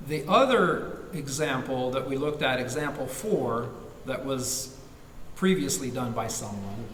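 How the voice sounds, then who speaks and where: Halting male lecturer in an echoey hall. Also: mid-range voice, lively intonation, fairly bright tone, a little hiss or hum. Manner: halting, many fillers and restarts, sings short chant phrases. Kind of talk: academic lecture. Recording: echoey hall recorded from far off.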